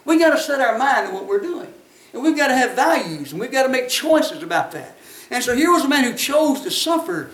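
Folksy preacher, man, high voice, emphatic peaks, roomy distant sound. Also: very animated, fairly quick. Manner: folksy storytelling, rising to emphatic shouts. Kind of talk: sermon. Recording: echoey, from a distance off the mic.

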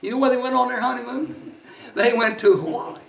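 A man preaching a sermon in a folksy storytelling way, at times rising to emphatic shouts. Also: very high-pitched, brisk, gravelly. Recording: echoey, from a distance off the mic.

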